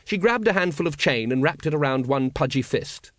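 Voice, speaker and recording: A man reading a comic fantasy novel aloud as an audiobook narrator, with expressive, dryly comic storytelling. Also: a little high, fairly quick, dry recording, clean studio sound. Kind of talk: scripted narration.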